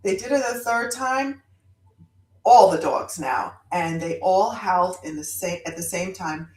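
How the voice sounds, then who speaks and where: A woman guest with a lowish voice tells stories with animated energy, rising in sudden loud bursts. Her voice rings in a roomy, echoey space. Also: a little slow. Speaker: guest author. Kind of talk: casual storytelling.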